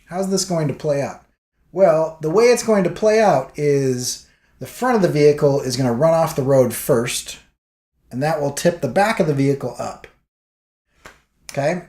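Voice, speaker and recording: A man's voice: fairly high pitch, moderate pace, echoey room. A man vlogging, telling a story casually and acting out what people said. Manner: animated storyteller acting out quotes.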